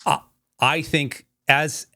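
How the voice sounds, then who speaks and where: A man's voice: on the high side, steady tone, slow pace, sharp tone, no room sound, studio quality. Easygoing man in casual podcast chat. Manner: easygoing, asks questions, short agreements. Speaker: podcast co-host.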